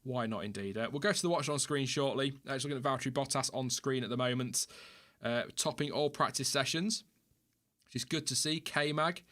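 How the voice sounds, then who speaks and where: A man's voice: medium pitch, fairly quick, pushed and bright. Chatty man hosting a live stream. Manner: chatty, reads viewer comments aloud with laughs. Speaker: livestream host. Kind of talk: casual live-stream chat.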